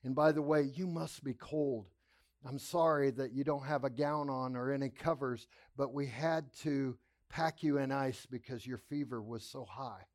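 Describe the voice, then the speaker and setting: A man voicing a sweet, gentle young female nurse who speaks softly and soothingly. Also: medium pitch, normal speed, dry recording, clean studio sound, natural voice. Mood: gentle reassuring. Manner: soft, soothing.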